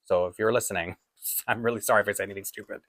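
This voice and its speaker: Chatty man, low voice. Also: fairly even intonation, rapid-fire, a bit bright, no room sound. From Toronto, Canada. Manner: rambling, self-deprecating, chuckles often. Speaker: doll collector vlogger. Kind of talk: casual chat.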